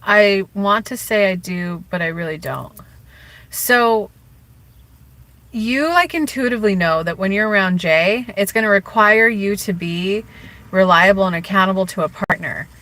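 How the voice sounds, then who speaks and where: A woman's voice: mid-range voice, unhurried, bright, forceful tone, low-quality recording. A woman giving relationship advice on a live stream in a casual, chatty way, full of "like" and "you know", and acting out quoted speech. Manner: acts out quoted speech in changed voices. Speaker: relationship and spiritual coach.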